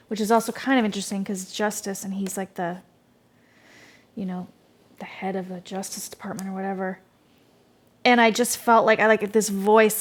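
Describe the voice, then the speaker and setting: A woman talks through a tarot spread in a loose, unscripted way. She hesitates, restarts sentences and trails off as she thinks aloud. Her voice sits at a moderate, mid-range pitch. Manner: rambling, hesitant, many fillers and restarts. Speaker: tarot reader. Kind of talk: casual intuitive tarot reading monologue.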